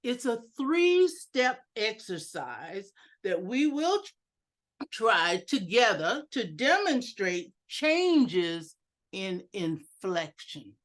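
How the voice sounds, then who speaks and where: A woman giving an instructional talk over a video call, deliberate and emphatic, joking about her own lack of technical skill. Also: very animated. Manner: deliberate, varies pitch and loudness for emphasis. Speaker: educational speaker at a club meeting. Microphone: video call computer mic.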